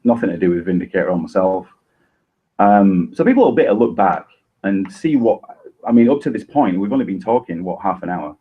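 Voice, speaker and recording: A man arguing on a video call in a sarcastic, measured, defensive way. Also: low voice, expressive, slightly rough, narrow, tinny audio. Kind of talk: heated online argument.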